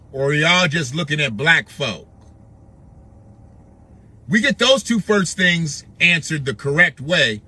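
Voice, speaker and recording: Bright, sarcastic male commentator. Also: on the high side, breathy edge. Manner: sarcastic, blunt, mocking repetition. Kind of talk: reacting to clips and news.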